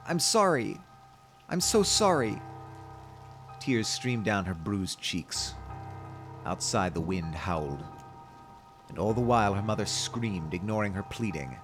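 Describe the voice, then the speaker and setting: A man streaming, reading a game's story aloud with measured, wry asides. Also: deep voice, over music. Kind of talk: reading a game aloud with commentary.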